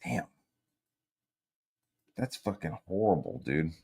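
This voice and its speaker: A man's voice: very deep voice, lively intonation, takes it slowly, gravelly, darkish tone, husky. A man hosting a podcast who tells stories in a rambling, profane casual chat full of fillers. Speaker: podcast host.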